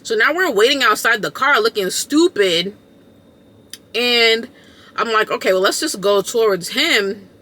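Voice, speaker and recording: A woman content creator tells a storytime vlog in an animated, emphatic way, using casual slang and repeating points for effect. Her voice is a little high, and she takes her time.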